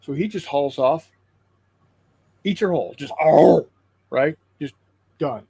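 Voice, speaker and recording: A man on a tabletop gaming stream telling a long joke in casual chat, halting and repeating his words as he goes. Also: a little high, gravelly, dark tone, slightly rough, low-quality recording. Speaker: co-host of a tabletop painting stream.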